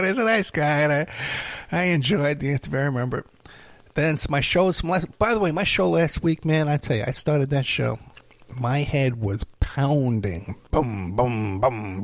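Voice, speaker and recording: A middle-aged man hosts his own show in a loose, rambling monologue, breaking off to chuckle between stories. His voice sits at an ordinary pitch with a gravelly edge. The sound is close and dry. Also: no room sound. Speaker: podcast host.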